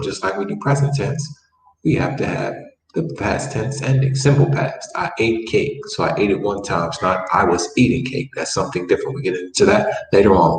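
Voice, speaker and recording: A man teaching a Spanish lesson, patiently repeating words and explaining step by step. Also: on the low side. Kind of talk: classroom language lesson. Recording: echoey room, mic far off, faint background noise.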